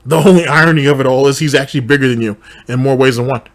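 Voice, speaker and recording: A man's voice: medium pitch, racing. A man hosting a reaction commentary show, talking in a blunt, profane and confrontational way. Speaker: commentary channel host.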